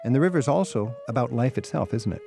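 Gravelly, lively radio host man. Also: mid-range voice, fast, soft background music. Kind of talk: radio interview and show links.

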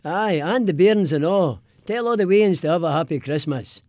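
A man's voice: high-pitched, animated, normal speed, a little mellow, no room sound, studio quality, pitched above the performer's own voice. A man putting on a hearty Glaswegian accent to give playful holiday greetings. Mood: jovial.

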